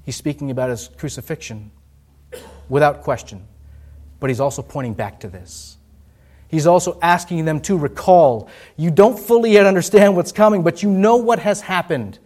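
Male pastor, fairly high voice, sermon delivery with rising emphasis and soft low drops. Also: normal speed.

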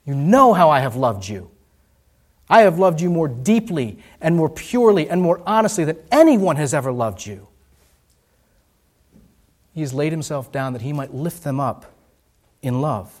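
A male pastor preaching a sermon, rising for stress and dropping low and soft. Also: expressive, moderate pace, pauses often.

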